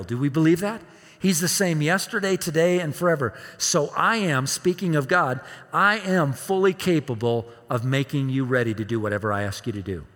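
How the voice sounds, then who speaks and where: A man's voice: fairly high pitch, a bit bright. A man in his fifties preaching a sermon, asking the congregation questions and acting out quoted pleas. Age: 50s. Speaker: pastor. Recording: long hall reverb.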